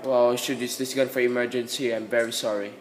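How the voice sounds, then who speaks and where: Excitable man narrating his gameplay. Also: medium pitch, quick pace, poor audio. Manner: excitable, frequent exclamations and yelps; talks to himself while playing. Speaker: gameplay commentator. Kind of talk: casual gameplay commentary.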